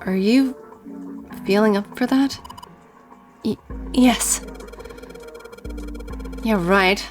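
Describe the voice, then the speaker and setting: Woman reading young man, teasing, blunt, unhurried, mid pitch. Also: faint music behind. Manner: teasing, reading the lines aloud.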